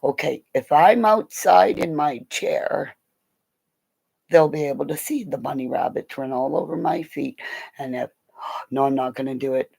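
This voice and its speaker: A woman's voice: low-pitched, measured pace, creaky, slightly rough, poor audio. A middle-aged woman chatting on a livestream, telling rambling stories about animals with lots of laughter and swearing. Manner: excitable, laughing, swearing, jumping between stories. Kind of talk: casual storytelling on a livestream.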